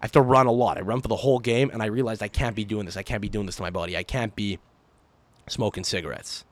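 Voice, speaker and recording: A man's voice: lowish voice, fast talker, no echo. Profane young man telling stories. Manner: animated, profane, exaggerated storytelling. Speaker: podcast host. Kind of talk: casual solo podcast storytelling.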